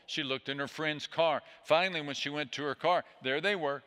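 A man preaching a sermon as a pastor, speaking in a gentle, soothing way that often sinks low and soft. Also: moderate pace. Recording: long hall reverb.

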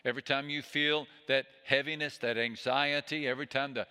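A man preaching a sermon as a pastor, speaking in a gentle, soothing way that often sinks low and soft. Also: fairly even intonation, brisk, clear, resonant tone. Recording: long hall reverb.

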